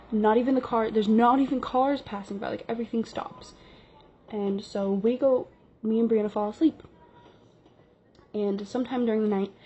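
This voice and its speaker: A woman's voice: medium pitch, warm tone, breathy edge. A woman telling a casual story-time vlog tale, chatty and full of fillers. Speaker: vlogger. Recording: dull lo-fi recording.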